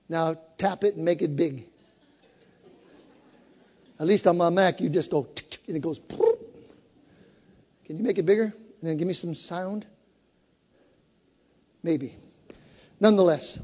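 A man's voice: on the high side, a little slow, long pauses, a little mellow. A man preaching a sermon as pastor, fervent and leading the congregation in call and response. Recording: long hall reverb.

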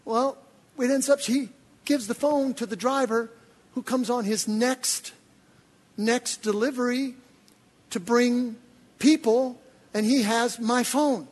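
Older man, preacher, very high voice, husky, animated storytelling, long hall reverb. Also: slow, pauses often. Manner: animated, swinging from low asides to loud excited outbursts. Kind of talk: sermon storytelling.

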